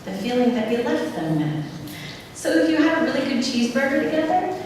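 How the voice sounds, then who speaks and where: A woman giving a lively public talk on dementia care, asking the audience questions and then answering them herself. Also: sits high, a little fast, a little hiss or hum. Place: large hall. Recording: echoey hall from far off with faint ambience.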